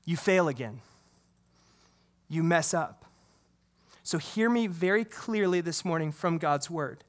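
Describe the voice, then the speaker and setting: High-voiced man preaching with animated delivery. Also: slow pace. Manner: animated preaching, acts out dialogue, asks the congregation questions. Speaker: pastor. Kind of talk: sermon.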